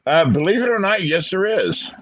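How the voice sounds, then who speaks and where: A man from Florida with a Southern accent, hosting a casual chat and rambling with many fillers; he has no teeth but speaks clearly. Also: high-pitched, sing-song, normal speed, a bit bright, low-quality recording. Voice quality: toothless. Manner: rambling, frequent "you know" fillers. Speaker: host.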